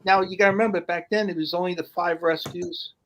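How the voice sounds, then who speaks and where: A man's voice: high-pitched, steady tone, quick pace, fairly bright tone, slight background noise. A man telling a firehouse story in casual podcast chat, acting out the voices of the people he quotes. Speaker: podcast guest, firefighter.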